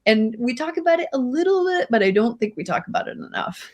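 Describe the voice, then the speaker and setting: A woman's voice: on the high side, big pitch swings, fast talker. A woman co-hosting a talk show, earnest and emphatic, repeating words for stress. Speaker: podcast co-host. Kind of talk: casual discussion.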